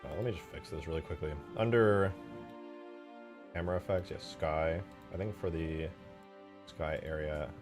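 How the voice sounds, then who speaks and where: A man's voice: rumbling low, moderate pace, pauses often, music in the background. A man giving casual, rambling commentary on his own gameplay, talking to himself as he goes. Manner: rambling, excitable self-talk. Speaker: game modder and streamer.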